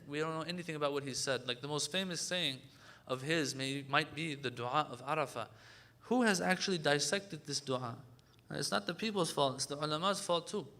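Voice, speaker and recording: A man giving a conversational religious lecture, switching to fast recitation of Arabic supplication lines. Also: a little high, bright, forceful tone. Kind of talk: sermon. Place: lecture hall.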